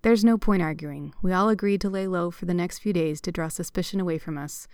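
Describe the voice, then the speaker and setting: Woman reading a calm man, measured, authoritative, low. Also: clean tone, dry recording, studio quality, lightly acted.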